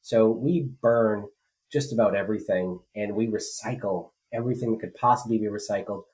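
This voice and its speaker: A man's voice: lowish voice, brisk, a little mellow, a little hiss or hum, low-quality recording. Rambling man in casual political chat. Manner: rambling, conversational, with many fillers and restarts. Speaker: state legislator co-hosting a political podcast. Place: rural home.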